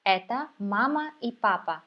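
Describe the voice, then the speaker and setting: A woman's voice: on the high side, expressive, moderate pace, lo-fi sound. A woman with a Russian accent teaching a language lesson, patiently repeating words for learners. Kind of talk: slow, careful language lesson.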